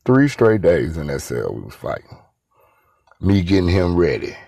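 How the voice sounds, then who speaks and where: A man's voice: low-pitched, big pitch swings, moderate pace, vocal fry, dark tone, no room sound. A man telling a personal story in a loose, rambling way, full of street slang. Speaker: former inmate telling his story.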